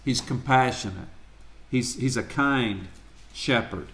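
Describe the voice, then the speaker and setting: A man preaching a sermon in a church, reading scripture aloud in an earnest, measured way. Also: medium pitch, gravelly, a bit bright.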